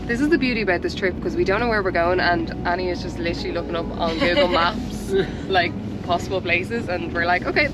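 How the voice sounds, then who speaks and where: A woman's voice: lowish voice, fast, few pauses, poor audio. A young Irish woman narrating a casual travel vlog, bubbly and chatty, laughing often, filmed outdoors on a handheld camera. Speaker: travel vlogger. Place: outdoors on a windy coast and in a camper van. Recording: outdoor recording with clear wind noise.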